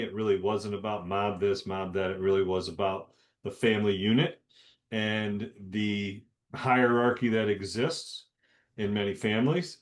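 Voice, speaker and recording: A man co-hosting a podcast makes his point slowly and earnestly. He stops and restarts often and fills the gaps with "uh.". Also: on the low side. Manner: halting, with filler "uh"s, earnest. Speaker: podcast co-host. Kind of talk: casual podcast chat.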